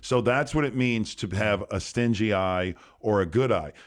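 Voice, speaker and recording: Man, pastor, podcast teaching, emphatic, repeats phrases, low voice. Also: moderate pace. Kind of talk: podcast sermon-style teaching.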